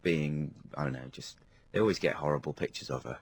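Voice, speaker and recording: A man's voice: a bass voice, fairly quick, husky. A man with an English accent, co-hosting a radio show and telling anecdotes in casual banter in a studio.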